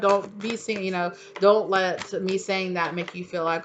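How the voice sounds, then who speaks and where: A woman's voice: lowish voice, fairly even intonation, normal speed, few pauses, dull audio, background noise. A woman giving a casual, encouraging tarot reading to her viewers, talking loosely with lots of "you know" and "like". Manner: chatty and encouraging, many fillers like "you know". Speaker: tarot reader.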